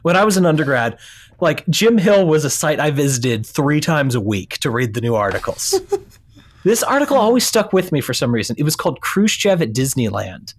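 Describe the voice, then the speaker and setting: A man's voice: fairly high pitch, very animated, normal speed. Man rambling through a story. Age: 30s. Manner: rambling storyteller with many fillers. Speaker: podcast guest, filmmaker. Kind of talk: casual chat.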